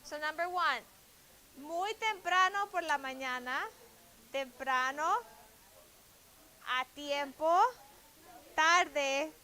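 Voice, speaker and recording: Young woman, classroom Spanish teacher, high-pitched, drills words with brief asides. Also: sharp tone, poor audio. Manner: drills vocabulary, quick asides to students.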